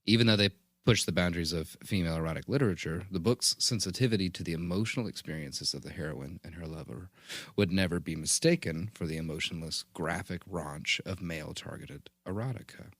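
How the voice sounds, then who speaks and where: A man co-hosting a podcast, reading research notes aloud in a steady, plain delivery. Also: sits low, fairly quick, hardly any pauses, dry recording. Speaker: podcast co-host.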